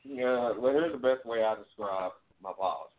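A man's voice: medium pitch, moderate pace. A man co-hosting a radio show, rambling through a story in easygoing casual chat. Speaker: radio co-host. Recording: tinny phone-like sound.

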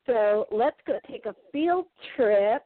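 A woman's voice: fairly high pitch, animated, slow, dry recording. Chatty woman co-host on a tinny line. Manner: chatty, rambling with fillers. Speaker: podcast co-host. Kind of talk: casual chat. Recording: tinny phone-like line, dry.

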